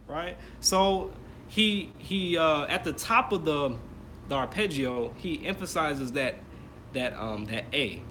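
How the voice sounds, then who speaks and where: Man teaching trumpet, halting and casual. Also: on the high side, over loud music. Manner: relaxed, halting explanation with many fillers and restarts. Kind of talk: online masterclass teaching. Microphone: computer mic on a video call.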